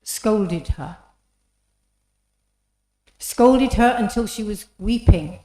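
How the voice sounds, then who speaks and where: A woman's voice: mid-range voice, animated, very slow, pauses often, warm tone. A woman giving an inspirational talk in an engaging storytelling manner, often asking the audience questions. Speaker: speaker. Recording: echoey hall.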